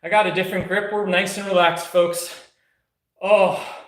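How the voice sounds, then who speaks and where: A man's voice: high voice, level tone, normal speed, fairly bright tone, echoey room. A man streaming a casual live workout, mixing hyped, joking, profane chatter with soothing exercise cues. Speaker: fitness streamer.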